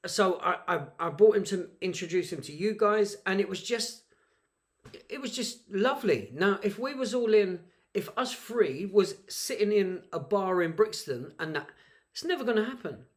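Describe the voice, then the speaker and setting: A man's voice: high-pitched, lively intonation, normal speed. A man from South London with a South London accent, telling a story on a podcast and musing aloud with questions. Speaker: podcast co-host. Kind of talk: casual podcast chat.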